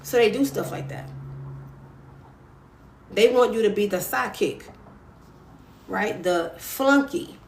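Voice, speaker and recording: A woman's voice: mid-range voice, measured pace, vocal fry, long pauses, reverberant, slight background noise. A woman with a Louisiana accent hosting a livestream and giving advice in a blunt, sassy, profane way, often tagging on "right?". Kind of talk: casual livestream advice talk.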